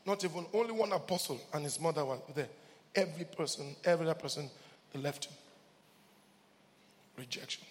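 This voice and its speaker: A man preaching a sermon as pastor in a church, swinging from hushed lines to shouts and repeating key words. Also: high-pitched, big-room sound.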